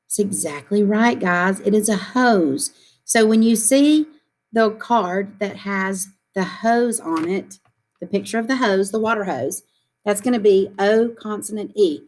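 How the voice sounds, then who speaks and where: In a mid-range voice, a woman teaches young children phonics, talking slowly and distinctly and repeating questions so the kids can echo them back.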